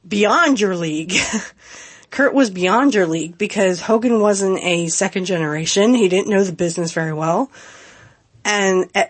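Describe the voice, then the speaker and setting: A woman's voice: lowish voice, husky. A woman hosting a solo podcast, talking in a heartfelt, rambling way with many fillers and restarts. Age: adult with a young child. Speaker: podcast host. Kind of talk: casual solo podcast talk.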